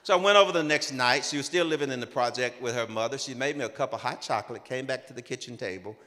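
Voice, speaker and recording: A man in his sixties telling a personal story at a conference, animated and acting out the dialogue. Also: mid-range voice, quick pace. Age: 60s. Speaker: conference speaker. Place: conference hall. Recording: long reverb of a large hall.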